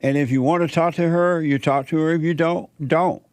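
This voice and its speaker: A man's voice: fairly high pitch, steady tone, fairly quick, darkish tone, clean tone, dry recording. Man, middle-aged, call-in host, blunt, preachy, repetitive commands, dry voice. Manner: firm, preachy, repeats short commands. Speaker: radio call-in host giving life advice. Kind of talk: blunt spiritual counselling on a call-in show.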